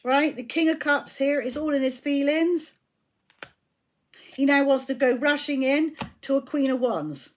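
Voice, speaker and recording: A woman's voice: sits high, a little slow, slight background noise. A woman giving a casual tarot reading, blunt and emphatic, swearing when riled. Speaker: tarot reader.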